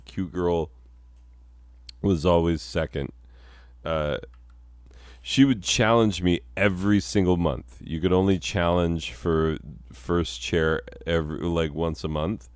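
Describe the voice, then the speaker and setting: A man's voice: deep voice, no room sound, clean studio sound. A man in his forties talking casually and rambling over his own slides, laughing at himself and leaning on fillers. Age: 40s. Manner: self-mocking, laughs often, many fillers. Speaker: channel host.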